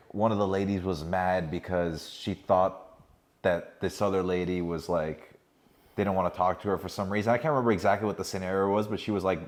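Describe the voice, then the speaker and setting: A man hosting a podcast, chatting casually and rambling with lots of filler words. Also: sits low. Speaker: podcast host. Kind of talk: casual chat.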